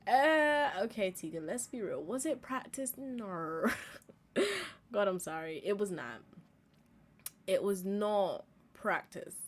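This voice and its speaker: A woman's voice: medium pitch, slow, pauses often. A woman, hosting a live-streamed podcast in a candid, chatty way and laughing often as she talks. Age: 20s. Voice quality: expressive, laughs often while talking. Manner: candid, chatty, swings between loud and quiet. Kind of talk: casual live-stream chat.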